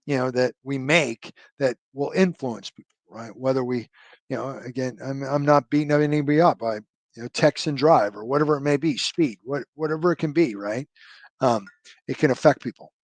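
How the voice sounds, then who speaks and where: A man's voice: mid-range voice, moderate pace, dry recording. Rambling man with a dry close sound. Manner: rambling, many fillers and tag questions. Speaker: guest, retired army officer. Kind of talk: conversational storytelling interview.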